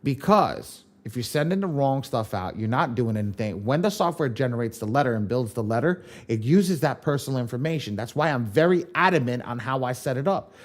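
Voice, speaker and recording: A man's voice: medium pitch, animated, fairly quick, hardly any pauses. A man leading a live online training class on credit repair, emphatic, repeating his points and swearing casually.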